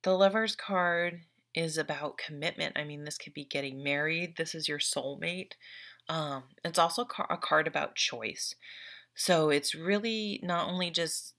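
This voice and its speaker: A woman's voice: deep voice, a little slow, fairly bright tone. A young woman giving a casual, earnest tarot reading, openly emotional as she talks through the cards. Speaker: tarot reader.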